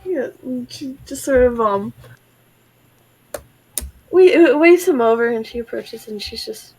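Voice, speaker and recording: Breathy, slightly high woman player. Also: lively intonation, takes it slowly, pauses often, darkish tone, low-quality recording. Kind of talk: casual tabletop play.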